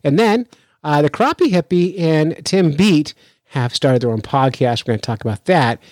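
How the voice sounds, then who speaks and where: A man hosting a podcast, telling a story in a lively, chatty way with frequent restarts, then commenting on the news. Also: on the high side, moderate pace, no echo. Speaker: fishing podcast host.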